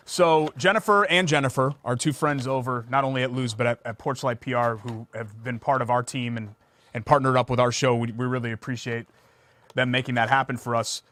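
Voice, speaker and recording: A man co-hosting a sports talk show in a studio, chatty and animated as he reads a sponsor segment. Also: mid-range voice, brisk. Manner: chatty, animated, jokingly indignant. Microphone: studio desk mic.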